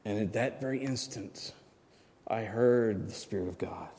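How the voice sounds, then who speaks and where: A man in his sixties preaches in a mellow, low-pitched voice and tells a personal story as if chatting with his listeners. He keeps checking in with the congregation for an amen. His voice rings out with a long reverb, as in a church sanctuary. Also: a little slow, creaky, slight background noise. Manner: conversational, asks the congregation for amens. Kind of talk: sermon storytelling.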